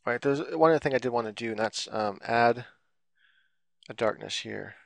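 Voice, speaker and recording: A man's voice: mid-range voice, moderate pace, gravelly, dry recording. A man giving a casual, rambling drawing tutorial while he works on screen, full of fillers and loose explanations. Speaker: drawing instructor.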